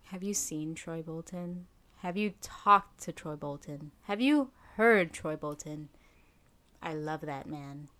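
A woman's voice: deep voice, slow, a bit bright. A young woman co-hosting a podcast, chatting casually and hesitantly, with lots of ums and likes. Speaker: podcast co-host. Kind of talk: casual chat.

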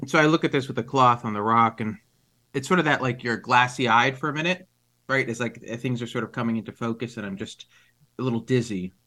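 Bright-voiced male player. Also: mid-range voice, a little fast. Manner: rambling, filler-heavy. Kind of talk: casual tabletop play.

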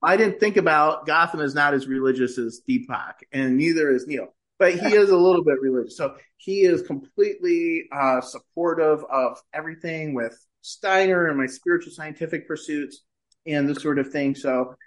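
A middle-aged man talks as a podcast guest, recounting his life in a relaxed, conversational way. His voice sits a little high for a man. He turns lively and jumps in pitch whenever he quotes his own past words. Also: normal speed. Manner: animated, shifts pitch when quoting himself. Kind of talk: casual conversational storytelling.

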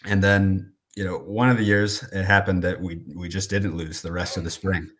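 A young man from Iowa, a rugby player, answering interview questions in a calm, modest, measured way with frequent ums. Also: sits low.

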